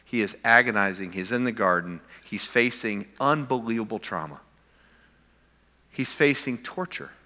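A male pastor preaching a sermon, building to emphatic peaks and sinking to quiet, intense stretches. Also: on the low side, lively intonation, normal speed. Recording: long reverb of a large hall.

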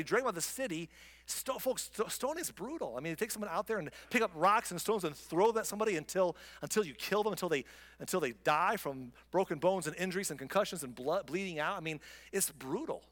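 A man teaching from the Bible in a chatty, animated way, now and then mocking the people in the story. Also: high-pitched, fast, big-room sound. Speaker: preacher.

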